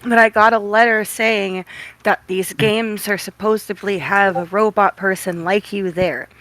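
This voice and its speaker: A woman's voice: mid-range voice, fairly even intonation, measured pace, a bit bright, no room sound, poor audio. A woman taking part as a player in a tabletop game, explaining things in a matter-of-fact way. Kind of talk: tabletop role-play, in character.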